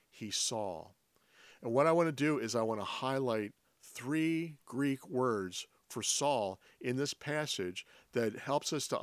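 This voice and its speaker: A man preaching a sermon as a pastor, reading scripture aloud and explaining it earnestly, slowing down and dropping his voice on key phrases. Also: mid-range voice, dry recording, clean studio sound.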